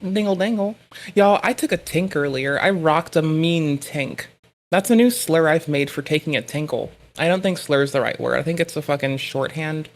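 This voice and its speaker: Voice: mid-range voice, normal speed. A live streamer in casual chat, rambling and swearing freely, punchy from lack of sleep, with mock-angry rants. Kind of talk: casual livestream chatter.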